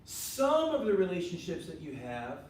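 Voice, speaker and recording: A man's voice: on the high side, wildly swooping pitch, moderate pace, background noise. A man teaching a faith class in a meeting room, talking conversationally, repeating his points and asking the group questions. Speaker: ministry teacher. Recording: very echoey room from far off.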